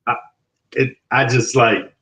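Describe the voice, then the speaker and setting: A man's voice: mid-range voice, steady tone, slow, bright, forceful tone. A man joining a livestream chat, chatty and laughing, over a video call. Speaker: event participant. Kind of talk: casual chat.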